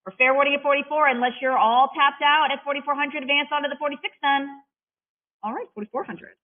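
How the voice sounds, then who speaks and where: An auctioneer calling bids at a live auction in a rapid-fire chant, mixing in playful patter between the numbers. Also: high-pitched, steady tone. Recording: tinny phone-like audio.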